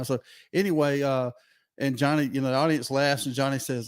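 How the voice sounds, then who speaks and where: A man's voice: medium pitch, fairly even intonation, a little fast, no echo. A man in casual talk-show chat, telling a long anecdote in a rambling way with lots of fillers.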